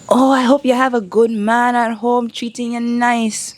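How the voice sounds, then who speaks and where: Pushy street catcaller, higher sing-song tone, as a woman mocks him. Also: flat delivery, measured pace, dry recording, close to an everyday voice. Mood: wheedling. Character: pushy catcalling man, flirty then insulted.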